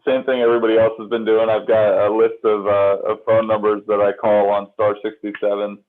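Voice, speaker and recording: Joking comedian on a tinny phone line. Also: male voice, fairly low pitch, fairly quick. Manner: joking, deadpan absurd bits. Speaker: comedian guest. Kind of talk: casual comedic banter. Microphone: phone on a video call.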